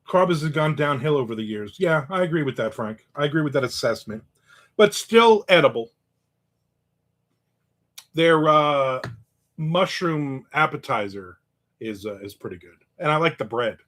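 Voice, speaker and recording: A man's voice: on the high side, animated, normal speed, fairly bright tone. A middle-aged man hosting his own casual live show, chatting, telling everyday stories and joking with viewers. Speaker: host of a live video show. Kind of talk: casual chat reading viewer comments.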